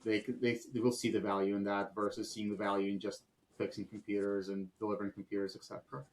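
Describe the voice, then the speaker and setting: Man on a podcast, lowish voice, explains with lots of ums, quotes made-up client talk. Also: flat delivery, fast, rough recording. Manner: explanatory, acts out client conversations. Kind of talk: conversational podcast discussion.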